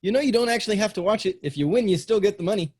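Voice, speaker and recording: Podcast host, Texan man, crude joker, slightly high voice. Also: lively intonation, racing, darkish tone, slightly rough. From Texas. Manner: crude, joking, teasing. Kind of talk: casual chat.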